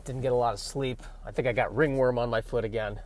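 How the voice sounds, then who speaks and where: A man's voice: mid-range voice, fairly even intonation, fast talker, a little mellow, slight background noise. Offhand, self-mocking man hosting a podcast. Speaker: podcast host. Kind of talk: casual rambling monologue.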